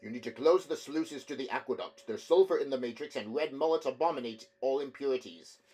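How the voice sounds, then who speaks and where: A man voicing a blunt, impatient water engineer in an audiobook reading, speaking curtly and a little louder. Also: mid-range voice, a little fast, pitched above the performer's own voice, close to an everyday voice. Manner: curt, impatient.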